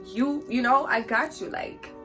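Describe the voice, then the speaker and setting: A young woman telling a story on her vlog in a chatty, animated, slangy way. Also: on the high side, unhurried, faint music behind.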